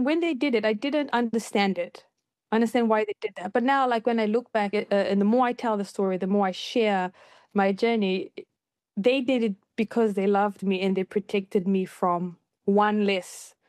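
A woman guest in an interview, telling her own story in a casual, animated way and jumping up in pitch when she quotes people. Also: moderate pace, no room sound. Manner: animated, acts out quoted voices with high pitch jumps.

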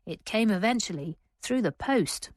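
A woman's voice: medium pitch, expressive, dry recording. Composed woman presenting a radio documentary. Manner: measured, composed delivery. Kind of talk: documentary narration and interviewing.

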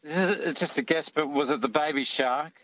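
A man calling in to a radio quiz, easygoing and quick to laugh. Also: on the high side, fairly bright tone, dry recording. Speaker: caller. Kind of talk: casual radio call-in chat. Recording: muffled phone line.

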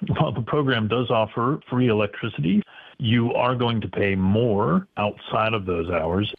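A man's voice: on the low side, moderate pace, creaky, breathy edge, no echo. Man on a tinny phone line. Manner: explanatory, plain. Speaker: consumer advocate. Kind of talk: news interview clip.

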